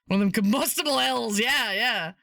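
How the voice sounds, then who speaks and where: A woman streamer chatting casually on a live stream, rambling, playful and laughing often, sometimes breaking into high squeals. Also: moderate pace, vocal fry, bright, forceful tone, no echo, studio quality. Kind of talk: casual livestream chat.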